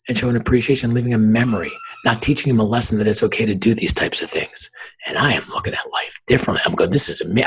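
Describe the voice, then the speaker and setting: Husky-voiced man telling his story. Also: fairly low pitch, low-quality recording. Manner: earnest, emphatic storytelling. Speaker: podcast guest. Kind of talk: personal storytelling.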